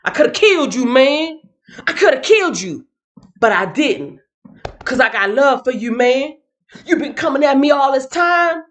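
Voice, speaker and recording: A woman's voice: high-pitched, animated, normal speed, pitched above the performer's own voice. A woman voicing the young man David as a brash, slangy figure who repeats himself for emphasis. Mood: defiant.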